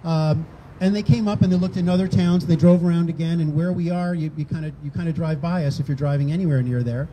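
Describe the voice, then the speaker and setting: A man's voice: fairly high pitch, steady tone, fast talker, few pauses, background noise. An older man, a rally organizer, speaking conversationally to a crowd outdoors and acting out quoted exchanges. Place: outdoors on a town green.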